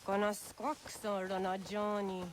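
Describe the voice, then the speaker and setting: An actress voicing an adult village woman in a video game, speaking quietly and steadily. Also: mid-range voice, little pitch movement, unhurried, natural voice. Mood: calm. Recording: game audio with clear background noise.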